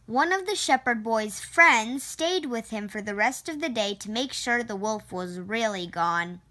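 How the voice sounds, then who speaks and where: Female storyteller, children's read-aloud; unhurried, bright, expressive. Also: on the high side. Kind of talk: reading a children's book aloud.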